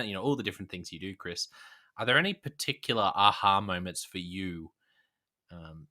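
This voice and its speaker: Deep-voiced male host with a sharp edge. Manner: rambling questions with many fillers. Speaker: podcast host. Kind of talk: interview.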